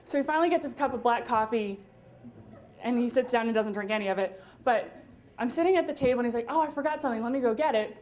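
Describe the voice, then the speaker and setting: A woman in her twenties telling a wry, funny story live on stage at a story slam, with quick asides and laughter. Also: a little high, a little mellow, a little hiss or hum. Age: 20s.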